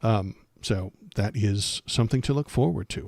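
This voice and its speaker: Sarcastic low-voiced man rambling on politics. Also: moderate pace, vocal fry, hardly any pauses, a little mellow, no room sound. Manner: sarcastic, rambling, many fillers and restarts. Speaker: political livestream host. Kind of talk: casual political commentary.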